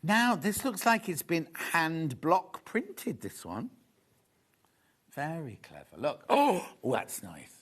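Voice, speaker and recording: Lively, chatty man selling fabric. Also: on the high side, takes it slowly, breathy edge. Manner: chatty, rambling, gossipy asides. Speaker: shopping channel presenter. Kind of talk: live TV selling chat. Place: TV studio.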